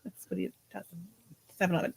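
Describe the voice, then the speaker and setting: This podcast co-host is a woman in her forties of half-Portuguese background, chatting casually on a livestream with plenty of laughter and some swearing. She talks fast, and crowd noise can be heard.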